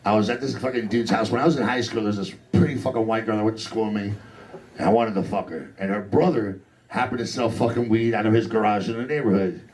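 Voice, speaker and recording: A man's voice: on the low side, fairly even intonation, fast, darkish tone. A young man doing a crude, brash stand-up set on a comedy club stage.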